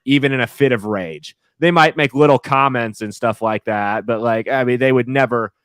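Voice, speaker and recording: A man co-hosting a casual podcast, telling animated, profane stories full of restarts. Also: mid-range voice, moderate pace, dry recording, studio quality. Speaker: podcast co-host.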